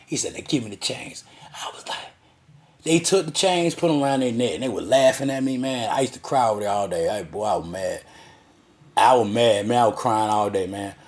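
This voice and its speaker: A man's voice: on the low side, fairly quick. Profane rambling man. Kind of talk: rambling profane childhood storytelling.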